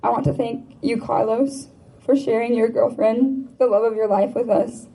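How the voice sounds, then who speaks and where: A woman's voice: fairly high pitch, steady tone, moderate pace, vocal fry, mellow, husky, rough recording. A woman giving a prepared memorial tribute, earnest and rhythmic, repeating phrases. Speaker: memorial speaker, friend.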